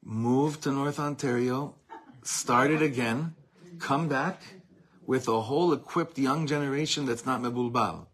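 Guy rabbi giving a torah class, husky voice, mid pitch, fired up, drops hebrew words in his english. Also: a little slow, a bit bright. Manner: impassioned, emphatic, repeats phrases for force; mixes Hebrew terms into English. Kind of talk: Torah lesson.

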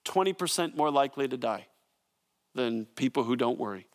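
A man preaching a sermon in an animated, conversational way, with frequent asides to his listeners. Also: medium pitch, normal speed. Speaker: pastor. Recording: long hall reverb.

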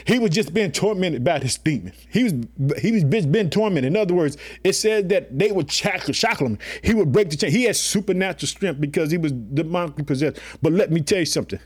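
A man's voice: fairly high pitch, expressive, fast, few pauses, breathy edge. A man preaching a sermon in a colloquial, emphatic way, calling his listeners family and often saying "guess what" and "let me tell you something.".

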